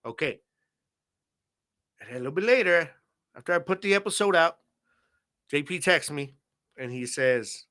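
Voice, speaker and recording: Bright-voiced laid-back podcast host man. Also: medium pitch, moderate pace, pauses often. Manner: laid-back, slangy, lots of "man" and "you know". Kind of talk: casual solo podcast talk.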